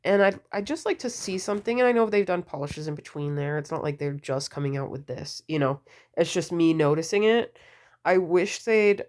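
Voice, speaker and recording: A woman vlogger chatting casually about nail polish, gushing and full of fillers, her voice deepened and a bit slurred from a cold. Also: darkish tone. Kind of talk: casual wishlist chat.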